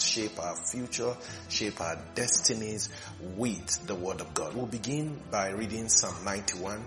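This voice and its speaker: A male pastor preaching a sermon, reading scripture slowly and repeating key phrases for emphasis. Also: on the low side, fairly bright tone.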